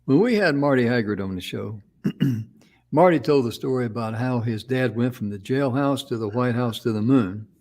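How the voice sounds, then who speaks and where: An easygoing man co-hosting a relaxed talk show. He tells his stories in a folksy, meandering way, backing up and restarting mid-sentence. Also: medium pitch, moderate pace. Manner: folksy, rambling storyteller with restarts. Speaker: co-host. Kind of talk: casual talk show chat.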